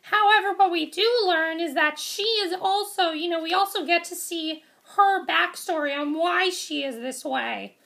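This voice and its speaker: A woman's voice: extremely high pitch, normal speed, vocal fry, hardly any pauses, sharp tone. A woman giving a casual, enthusiastic movie review vlog, rambling with many fillers and restarts. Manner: enthusiastic, gushing praise.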